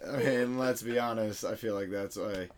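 A man's voice: on the low side, moderate pace, slight background noise. A man from Venezuela hosting a podcast, chatting casually in a rambling, giggly way with lots of fillers. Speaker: podcast host. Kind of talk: casual chat.

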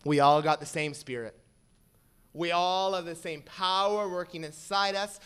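A man preaching a sermon to a congregation, moving from quiet explanation to shouted exhortation. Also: high voice, a little slow, clear, resonant tone.

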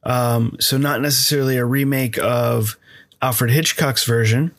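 Speaking a little slowly with fairly even intonation, this American podcast co-host has a medium-pitched, fairly bright voice. His casual chat is full of fillers and restarts.

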